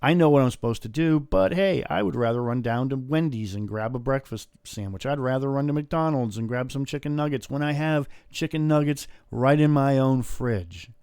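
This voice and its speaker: A man's voice: mid-range voice, moderate pace, few pauses, darkish tone, clean tone, no echo, studio quality. A man hosting a podcast, giving a blunt motivational monologue with casual swearing. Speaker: podcast host.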